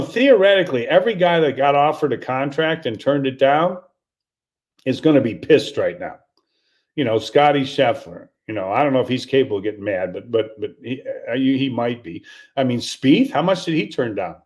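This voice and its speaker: An older man, a golf coach, ranting in incredulous exasperation, restarting and repeating himself with sarcastic laughs. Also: on the high side. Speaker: golf coach giving commentary. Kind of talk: animated opinion rant.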